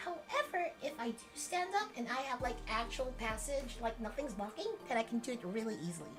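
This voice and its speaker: A woman voicing a bubbly young VTuber girl in a high, chirpy, playful voice during a gaming stream. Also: expressive, brisk, over music, close to an everyday voice. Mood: chatty. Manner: bright, chirpy, playful show-off voice.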